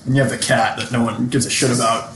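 A man's voice: mid-range voice, steady tone, fast talker, echoey room, background noise. A young man in his twenties co-hosting a casual podcast, goofy and self-deprecating as he jokes with his friend. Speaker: podcast co-host. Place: penthouse room before a live audience.

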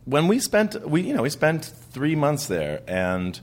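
A man chatting casually, telling animated stories with frequent stammers and restarts. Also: on the high side, measured pace. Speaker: band member guest. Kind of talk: casual chat.

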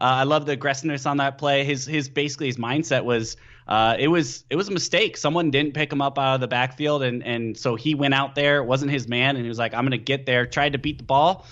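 A young man, a pro football player guesting on a podcast, telling stories excitably and leaning on "you know.". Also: medium pitch, dull audio. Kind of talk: casual podcast chat.

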